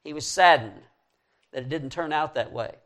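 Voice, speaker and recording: A man preaching a sermon in an earnest, emphatic way, pushing key words up loud and letting conclusions drop soft. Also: a little high, normal speed.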